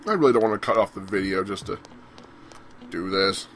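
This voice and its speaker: A man's voice: low-pitched, brisk, a bit bright, slight background noise. A man commenting on a video game, reading the dialogue aloud with sarcastic, bored asides. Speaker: let's play commentator. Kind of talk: casual gameplay commentary.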